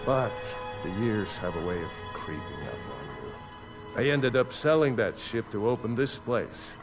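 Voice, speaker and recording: An actor playing a bitter, aging shopkeeper and former fisherman in a video game, with a gruff, sour way of complaining. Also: medium pitch, animated, unhurried, close to an everyday voice. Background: game music.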